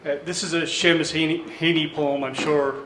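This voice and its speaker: A man reading poems aloud in a plain, steady way at a poetry salon. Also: on the high side, normal speed, very noisy. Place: lounge bar, indoors. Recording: echoey room.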